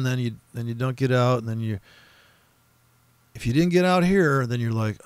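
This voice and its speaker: Gravelly male trader, casual and profane, rambling over his charts, close dry mic. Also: mid-range voice, expressive, moderate pace, pauses often, no echo. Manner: rambling, profane, mimics other traders in quoted voices. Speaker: forex trader streaming his trading. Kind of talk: profane casual trading commentary.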